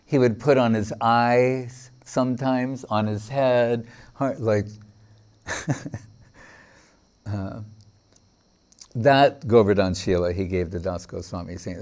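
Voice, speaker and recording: A man's voice: mid-range voice, slow pace, long pauses, a little mellow. A man giving a devotional lecture, telling stories with quoted dialogue and frequent fillers. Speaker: spiritual teacher.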